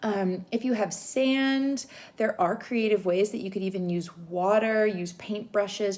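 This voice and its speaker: A young woman giving a home literacy lesson to young children, sounding out words slowly and gently. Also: on the high side. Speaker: teacher.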